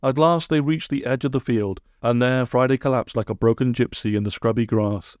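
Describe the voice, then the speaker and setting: A man reading a comic storybook aloud, with deadpan asides. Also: mid-range voice, a little fast, hardly any pauses, no room sound. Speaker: narrator.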